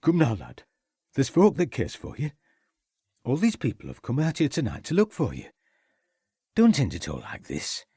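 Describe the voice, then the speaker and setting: Man doing a calm, reassuring countryman. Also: medium pitch, moderate pace, pauses often, breathy edge, no echo, exaggerated voice. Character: steady, reassuring middle-aged countryman.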